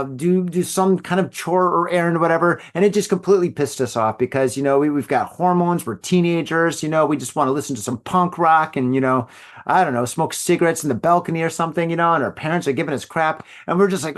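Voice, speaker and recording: A middle-aged man hosting a solo podcast, rambling casually with lots of filler and laughing at his own jokes. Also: a little high. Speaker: podcast host.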